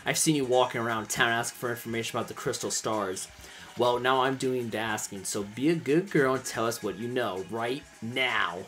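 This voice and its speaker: A man's voice: mid-range voice, normal speed, fairly bright tone, faint music behind, natural voice. A man voicing a pompous, scheming male villain commander in a game, mocking and menacing.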